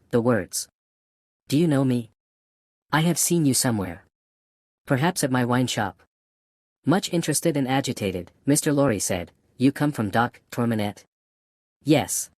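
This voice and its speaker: Steady male audiobook narrator, dry sound. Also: medium pitch, no echo. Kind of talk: scripted narration.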